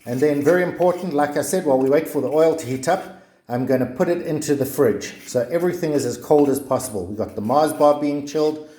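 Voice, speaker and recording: A man's voice: fairly high pitch, quick pace, dark tone, reverberant. A man giving a chatty, joking cooking demonstration. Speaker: cooking vlogger.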